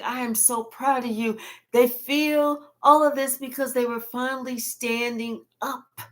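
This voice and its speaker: A woman giving a spiritual reading, telling it like a profane, animated story. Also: a little high. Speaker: tarot reader.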